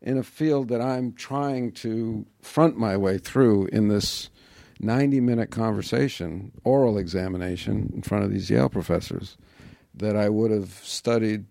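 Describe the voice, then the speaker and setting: A man's voice: on the low side, a little slow, gravelly, mellow, no echo. A man as a podcast guest, talking in a reflective, self-deprecating, wry way in casual interview chat on a close mic.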